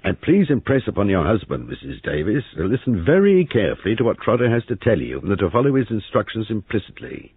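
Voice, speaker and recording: A man's voice: lowish voice, very animated, a little fast, few pauses, slightly rough, no echo, voice pushed up. A man voicing a hearty, confident police superintendent on the telephone with a slight country burr, heard in a phone-like, lo-fi reading.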